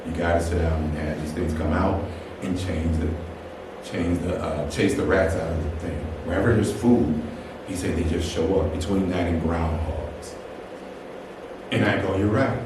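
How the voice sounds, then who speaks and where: Man, storyteller, animated, acts out voices, distant mic, roomy echo, background noise. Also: deep voice. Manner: animated, acts out the people in his story with laughs. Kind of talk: personal story told to an audience. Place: storytelling event room. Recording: echoey room, voice from far off, ambient noise.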